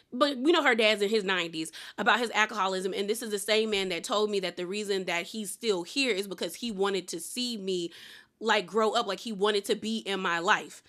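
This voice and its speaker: A young adult woman with a bright, forward voice talks through a reality TV episode in a relaxed, chatty way. She is opinionated and retells the scenes with quoted lines, never stiff or scripted. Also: mid-range voice. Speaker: reality TV recap commentator. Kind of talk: casual recap commentary.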